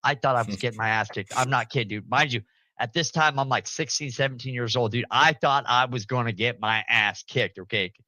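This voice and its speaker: A man's voice: fairly quick, no room sound, rough recording. A young man hosting a casual talk, telling family stories with lots of energy and frequent laughs. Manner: animated storyteller, jumps into loud high-pitched quoted voices, laughs often. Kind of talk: casual storytelling.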